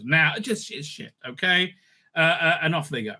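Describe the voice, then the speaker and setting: A man's voice: high-pitched, lively intonation, unhurried, sharp tone. A man hosting a casual, sarcastic review rant, swearing often and stumbling over fillers. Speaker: reviewer, channel host.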